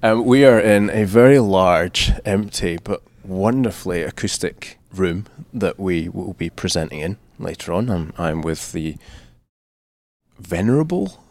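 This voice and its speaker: A man's voice: low-pitched, animated, unhurried, a little mellow. A man hosting a podcast, reading a wry intro with self-mocking asides, then chatting casually with his guest. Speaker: podcast host. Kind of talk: scripted intro then casual interview chat. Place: large empty echoing conference room.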